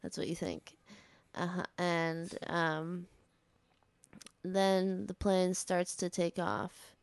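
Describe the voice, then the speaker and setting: A woman with a low, gravelly yet smooth voice hosts a comedy podcast. She rambles through an improvised story, filling it with "like"s. The sound is dry and close. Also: level tone, slow, no echo. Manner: rambling, heavy use of "like".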